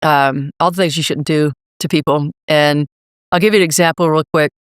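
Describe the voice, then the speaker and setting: A middle-aged woman, a leadership coach, talking in an emphatic, energetic motivational way as a podcast guest. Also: low voice, moderate pace, smooth, no echo, studio quality. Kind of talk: podcast interview.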